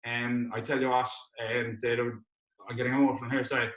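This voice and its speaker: A man's voice: mid-range voice, flat delivery, fairly quick, fairly bright tone, roomy sound, poor audio. A young man giving a heartfelt, rambling thank-you speech as host, tearful at times. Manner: heartfelt, rambling, many restarts and fillers. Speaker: students' union president hosting an awards event. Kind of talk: emotional thank-you speech on a video call.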